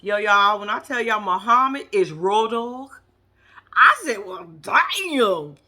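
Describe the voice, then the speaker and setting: Brash, bright-voiced woman vlogger. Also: mid-range voice, a little slow. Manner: brash, profane, talks straight to viewers. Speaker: reaction vlogger. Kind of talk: casual profane TV recap.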